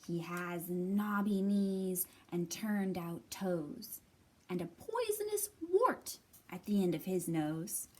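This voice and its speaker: A woman voicing a small, clever brown mouse in a picture-book reading, bright and confident. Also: fairly low pitch, lively intonation, slow. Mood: boastful.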